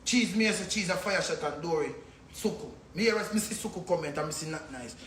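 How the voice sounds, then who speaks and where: A man's voice: a little high, expressive, quick pace, a bit bright, echoey room, slight background noise. A man with a Jamaican accent ranting angrily on a livestream, cursing and repeating himself. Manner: angry, insulting, cursing, repetitive.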